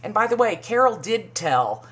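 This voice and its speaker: A woman's voice: very animated, normal speed, a little hiss or hum. A woman recapping a reality show in casual, profane commentary, sarcastic and mocking. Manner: sarcastic, swears a lot, mimics people in high voices.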